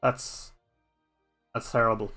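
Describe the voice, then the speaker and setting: A grumpy old man with bushy brows speaks in short, gruff questions, as a man puts him on. His lines are clipped and impatient in a tabletop storytelling game. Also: takes it slowly, sharp tone, faint music behind. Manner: gruff and curt.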